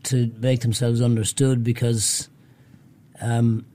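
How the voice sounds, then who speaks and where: A man who works as an actor and musician, a guest in a radio studio, telling lively stories with a laugh. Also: mid-range voice, slow pace. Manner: animated storyteller, laughs. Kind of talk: casual studio chat.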